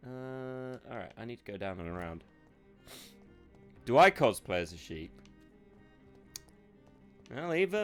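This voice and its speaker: Sweary streamer, sarcastic banter. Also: male voice, medium pitch, big pitch swings, measured pace, long pauses, faint music behind. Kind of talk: live game streaming commentary.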